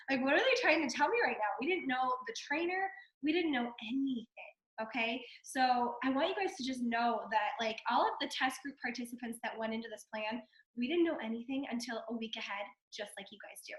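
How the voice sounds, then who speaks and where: A woman in her thirties, hoarse from a cold, giving a chatty motivational fitness talk full of "like" and "okay". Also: fairly high pitch, a little fast, a bit bright. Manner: chatty, fillers and repeated okay. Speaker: fitness coach guest. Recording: echoey room.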